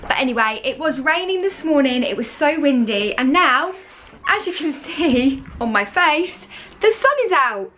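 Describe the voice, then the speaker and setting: A woman's voice: sits high, expressive, unhurried, sharp tone, a little hiss or hum. A young woman chatting to camera at home in a casual, rambling, self-deprecating way. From England. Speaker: vlogger. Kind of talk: casual vlog chat to camera. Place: at home indoors.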